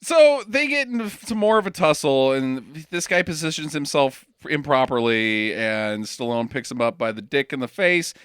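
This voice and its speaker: A man's voice: medium pitch, expressive, moderate pace, hardly any pauses, a bit bright, clear, resonant tone, no room sound, clean studio sound. Profane, exasperated man ranting about a movie. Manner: profane, exasperated rants, laughs often. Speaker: podcast co-host. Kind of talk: casual comedic movie recap.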